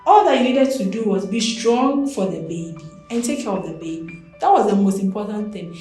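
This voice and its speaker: Young Ghanaian woman, candid personal storytelling, animated delivery, very roomy echo, faint music underneath. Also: mid-range voice, brisk. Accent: Ghanaian English. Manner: animated, expressive storytelling with many fillers. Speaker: interview guest.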